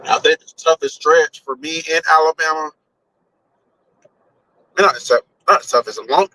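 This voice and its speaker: A man's voice: fairly high pitch, normal speed, pushed and bright, low-quality recording. A man chatting loosely on a live stream while driving, rambling and swearing casually as he thinks aloud. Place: in a car on a highway.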